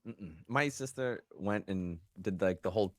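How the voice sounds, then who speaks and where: A man's voice: low-pitched, moderate pace, no echo, clean studio sound. A man co-hosting a stream, joking around in casual, playful chat. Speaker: streamer co-host.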